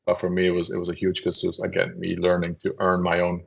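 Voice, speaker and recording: A man, a company CEO, telling anecdotes in a casual, animated podcast conversation and acting out voices as he goes. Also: sits low, quick pace, creaky. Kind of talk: casual storytelling.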